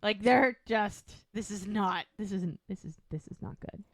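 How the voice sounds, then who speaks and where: A woman's voice: mid-range voice, no echo. A woman co-hosting a podcast, casually recapping an episode and acting out the characters' lines. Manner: animated retelling, acting out lines in quick quotes. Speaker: podcast co-host.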